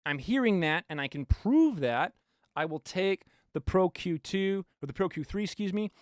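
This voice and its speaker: A male mixing engineer giving an animated studio tutorial, with playful asides to viewers. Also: high-pitched, normal speed, dry recording.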